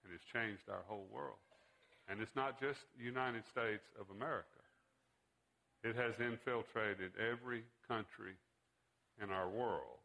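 Bright-voiced male preacher. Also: fairly low pitch, unhurried, gravelly, low-quality recording. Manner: addresses listeners directly, emphatic. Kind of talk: sermon with story reading.

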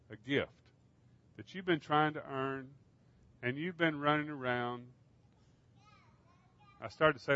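A man's voice: medium pitch, fairly bright tone, no echo. Earnest male preacher, muffled dry sound. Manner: earnest, asks the congregation questions. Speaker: pastor. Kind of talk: sermon.

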